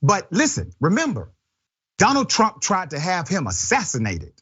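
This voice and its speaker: A man's voice: sits high, normal speed, husky, highs cut off. A man hosting a political talk show, delivering emphatic commentary. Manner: emphatic, lively. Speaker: host.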